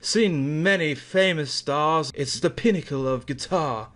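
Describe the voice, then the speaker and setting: A man's voice: on the high side, unhurried, fairly bright tone. A man doing an impression of a smarmy, condescending middle-aged male guitar salesman who talks like a posh connoisseur.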